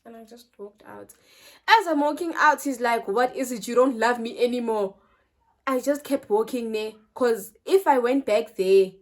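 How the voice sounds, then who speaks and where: A young woman with a South African accent telling a personal story in casual vlog chat, switching between loud bursts and quiet trailing phrases. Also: a little high, moderate pace. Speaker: vlogger.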